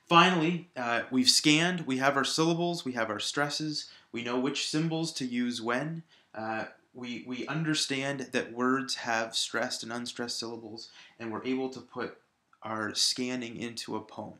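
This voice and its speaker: A high school English teacher records a video lesson in a roomy space, his mid-range voice steady, unhurried, pushed and bright. He explains patiently, repeating examples aloud to stress each syllable.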